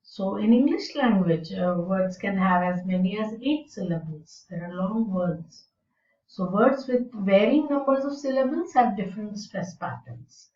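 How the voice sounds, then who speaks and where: A woman teaching English in a slow, deliberate lecture, explaining with fillers. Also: mid-range voice, darkish tone, slight background noise. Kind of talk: recorded lecture. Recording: roomy and distant, dull sound.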